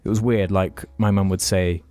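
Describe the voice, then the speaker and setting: A man's voice: deep voice, fairly even intonation, moderate pace, mellow, faint music behind. A man co-hosting a podcast, telling a story in casual chat, frank and sweary, with many restarts. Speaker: podcast co-host.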